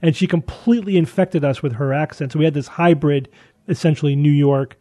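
Brief: man, Danbury Connecticut accent with New York traces, higher voice, dry close mic, chatty podcast co-host. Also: a little fast, dark tone, no room sound. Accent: Danbury, Connecticut with some Brooklyn-Queens. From southwestern Connecticut. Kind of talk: casual podcast chat.

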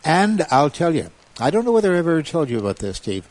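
A man's voice: on the high side, fast. A man telling a story in a casual conversation, acting out quotes in a raised voice. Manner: animated, quotes others in raised voice. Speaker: guest recounting an investigation.

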